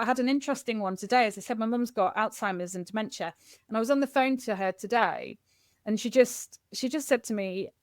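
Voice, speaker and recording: A middle-aged woman from Kent, a guest in a candid podcast interview, telling stories in an animated, expressive way. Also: medium pitch, dry recording, studio quality. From Kent, England.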